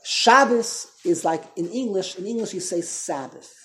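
A man's voice: sits high, animated, normal speed, fairly bright tone. A man leads an informal Torah class in a conversational tone. He keeps tossing questions to his listeners and corrects himself mid-thought as he explains. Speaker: Torah teacher.

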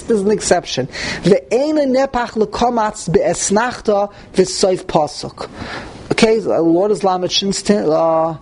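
High-voiced man teaching a text class. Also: darkish tone, slight background noise, rough recording. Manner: reads aloud and translates, thinking aloud with restarts. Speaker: Torah teacher.

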